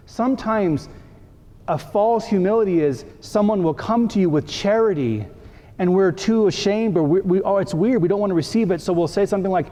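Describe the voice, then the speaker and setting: A male priest delivers a relaxed, conversational sermon in a church, his voice sitting high yet mellow in tone. He slips into playful little acted-out exchanges to make his point. The long reverb of the big hall trails behind every phrase. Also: moderate pace. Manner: conversational, acting out little dialogues for the congregation.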